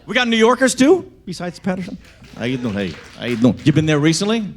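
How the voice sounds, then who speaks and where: Lively high-voiced man doing stand-up. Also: fast talker, a little hiss or hum. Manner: chatty crowd work, breaks into singing over guitar. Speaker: stand-up comedian. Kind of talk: stand-up comedy with sung song parodies. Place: comedy club stage. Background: guitar.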